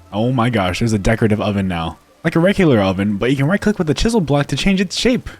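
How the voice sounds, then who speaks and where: A man giving casual commentary while building in a video game, rambling playfully and laughing at himself. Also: fairly low pitch. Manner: playful, giggly, self-mocking rambling. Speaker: gameplay video creator.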